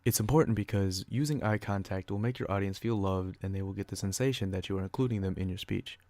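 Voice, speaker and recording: A young student podcaster with a very low voice reads a scripted educational episode, talking fast and sticking to his prepared notes. His delivery is a bit flat, and the dry recording has no room sound.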